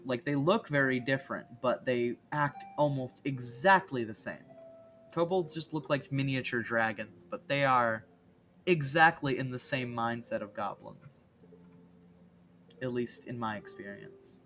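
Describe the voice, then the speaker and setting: Bright-voiced silly male streamer. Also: mid-range voice, unhurried, a little hiss or hum. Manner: silly, rambling, giggly. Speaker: art streamer. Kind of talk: casual live-stream chat. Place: home streaming setup.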